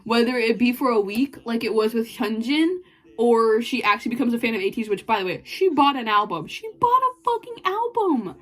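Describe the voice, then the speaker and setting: Giddy young woman rambling excitedly. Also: on the high side, fairly quick. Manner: giddy, rambling, swears often, fits of laughter. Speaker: vlogger. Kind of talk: casual storytime vlog.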